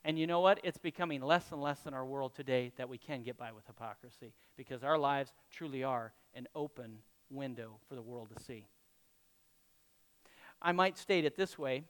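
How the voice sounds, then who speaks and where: A man's voice: medium pitch, normal speed, smooth, long reverb tail. A male pastor preaching a sermon to his congregation, talking conversationally and tossing questions to the room. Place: church hall with congregation.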